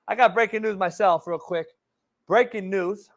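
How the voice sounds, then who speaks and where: A man's voice: sits high, normal speed. A man hosting a sports talk show, ranting in a brash, mocking way and swearing constantly. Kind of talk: profane casual rant.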